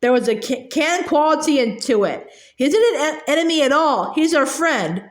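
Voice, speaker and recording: A woman reads a novel aloud in a high voice. She stumbles and restarts on words now and then and lifts her pitch for the dialogue. The room around her is echoey. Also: lively intonation, moderate pace. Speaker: reader.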